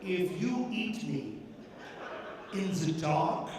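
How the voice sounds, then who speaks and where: A sly, tempting tub of ice cream, voiced by a man who drops into a low, wheedling coax. It sounds far from the mic in a long, echoey theater hall, with crowd noise clearly heard underneath. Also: lively intonation, drawn-out words, exaggerated voice.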